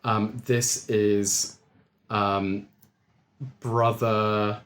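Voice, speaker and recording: A man's voice: lowish voice, level tone, drawn-out words, a bit bright. A man narrating as game master of a tabletop game, rambling with fillers. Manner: rambling, full of fillers and chuckles. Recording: roomy echo.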